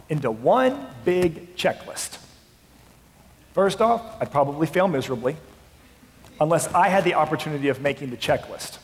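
A male pastor preaching a sermon, dropping to a hush and then rising to passionate shouting. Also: on the high side, slight background noise. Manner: swings from hushed to impassioned shouting. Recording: long hall reverb.

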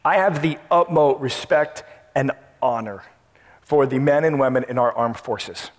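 A man preaching a sermon as pastor, emphatic, repeating key phrases and dropping to a soft voice to make a point. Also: medium pitch, a little slow, long reverb tail.

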